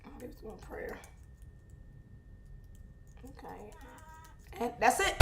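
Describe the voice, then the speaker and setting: A young woman photographer chatting casually to viewers while she edits, talking in an animated, exclaiming way. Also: fairly high pitch, slow, creaky, long pauses, background noise. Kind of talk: casual vlog chat while editing photos. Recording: echoey room.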